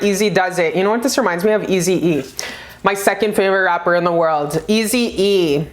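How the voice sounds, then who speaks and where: A woman giving a casual pick-a-card tarot reading, gushing and profane, with bursts of high excitement. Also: a little fast.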